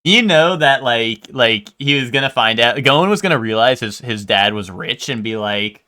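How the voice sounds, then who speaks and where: A man's voice: mid-range voice, normal speed, few pauses, bright, forceful tone, clean tone. A young man streaming a game live, talking in a rambling, casual way with lots of swearing and "like". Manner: rambling, swears a lot, full of "like".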